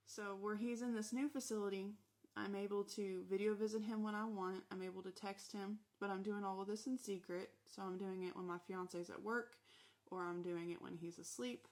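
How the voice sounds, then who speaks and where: In a casual storytime monologue, a woman recounts her own experience candidly and with animation, acting out quoted dialogue in a Southern American manner of speech. Her voice is mid-range and her pace normal.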